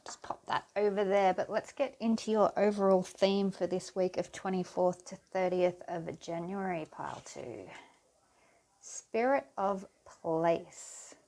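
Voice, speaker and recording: A woman giving a pick-a-card tarot reading to her viewers, talking in an unhurried, soothing way and speaking to them directly. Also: lowish voice, fairly even intonation, warm tone.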